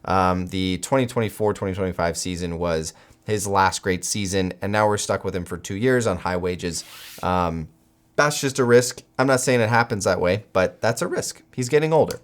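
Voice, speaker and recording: An American man hosting a football channel, giving solo commentary with animated, incredulous outbursts. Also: deep voice, moderate pace.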